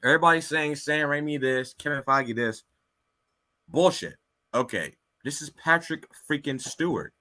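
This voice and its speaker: A man's voice: on the high side, normal speed, pushed and bright. A man co-hosting a casual film podcast, ranting with emphatic repetition. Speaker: podcast co-host. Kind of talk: heated casual movie chat.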